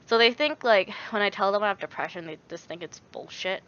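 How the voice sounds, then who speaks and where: Bright-voiced young woman chatting. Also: medium pitch, a little fast, muffled recording. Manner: rambling, many fillers, reads viewer messages aloud. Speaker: YouTuber answering chat. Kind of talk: casual livestream chat.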